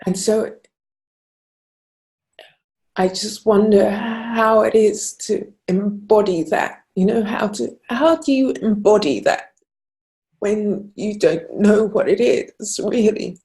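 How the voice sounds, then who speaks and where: Woman, gravelly, mellow tone, slow, tearful, halting, video call. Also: medium pitch. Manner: hesitant, searching, repeats words. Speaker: workshop participant. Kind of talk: emotional sharing in an online workshop.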